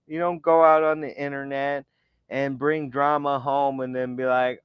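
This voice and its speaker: A man's voice: medium pitch, level tone, normal speed, clear, resonant tone, no room sound. A man ranting with scorn and a lot of swearing, giving commentary over screenshots. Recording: dull lo-fi dry sound.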